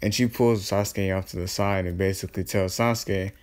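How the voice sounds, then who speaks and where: A man spinning a fan story off the cuff in a loose, slangy ramble. He corrects himself and leans on fillers as he goes. His voice sits a little low. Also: fairly even intonation, a little fast, a little mellow. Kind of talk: improvised fan-fiction storytelling.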